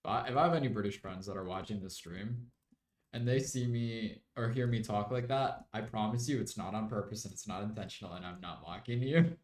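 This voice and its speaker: A man's voice: fairly low pitch, fairly quick, darkish tone, echoey room. A young man streaming a game, chatting in a rambling way and slipping into mock British slang. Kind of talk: casual live-stream chat while gaming.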